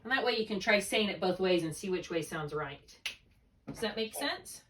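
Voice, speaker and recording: Woman, tutor, patient step-by-step explaining, mid pitch, distant mic. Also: animated, moderate pace, a bit bright, slight background noise. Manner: patient, guides step by step, checks understanding often. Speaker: reading tutor. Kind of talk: one-on-one spelling lesson.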